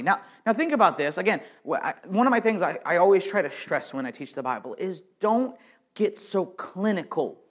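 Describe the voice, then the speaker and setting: Male pastor, fairly high voice, preaching with emphatic swings from hushed to loud, frequent restarts. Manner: repeats words and restarts often. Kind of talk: sermon.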